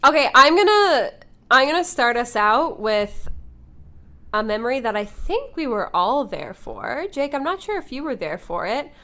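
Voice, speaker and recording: A woman's voice: high voice, big pitch swings, normal speed, bright, forceful tone. A woman hosting a podcast in a recording studio, chatting casually and laughing often as she tells stories. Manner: giggly, chatty storyteller. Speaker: podcast host. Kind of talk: casual chat.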